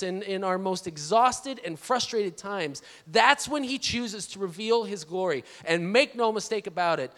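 A man in his thirties preaches with a high, bright-pitched voice, telling a personal story in an easy, animated way. He calls out for amens from the congregation. The sound rings with the long reverb of a large church auditorium. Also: normal speed, hardly any pauses. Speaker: pastor. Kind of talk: storytelling sermon.

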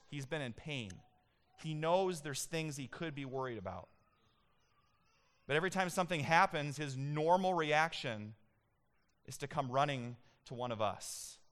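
A man in his thirties preaching a sermon as a pastor, animated and emphatic, telling personal stories. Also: fairly high pitch.

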